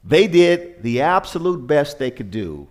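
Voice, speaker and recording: A man's voice: fairly high pitch, very animated, unhurried. A man preaching a sermon as pastor, telling the story in a conversational way with rhetorical questions and frequent restarts.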